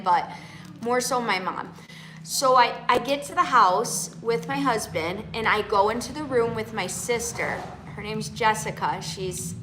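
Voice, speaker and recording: A woman's voice: a little high, background noise. A woman hosting a livestream, telling a personal story in a chatty way and often checking in with her viewers. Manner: chatty, keeps checking in with viewers ("okay?", "you guys"). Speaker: livestream host. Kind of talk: casual storytelling to a live audience. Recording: roomy echo.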